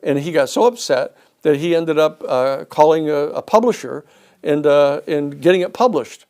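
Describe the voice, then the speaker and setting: A man giving a storytelling lecture, an animated speaker who acts out the people he quotes. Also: fairly high pitch, normal speed, clear, resonant tone.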